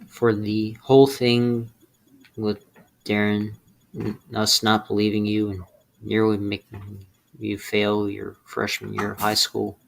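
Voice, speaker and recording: A young man speaking in a halting, emotional personal confession, close to tears and swearing in frustration. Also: on the low side, completely flat delivery, vocal fry. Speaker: streamer.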